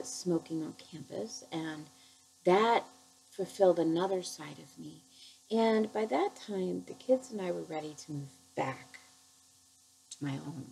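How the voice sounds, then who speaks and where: Heartfelt woman with a gravelly low voice. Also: warm tone, a little hiss or hum, poor audio. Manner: earnest, halting, heartfelt. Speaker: chemical dependency counselor. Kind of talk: personal recovery story.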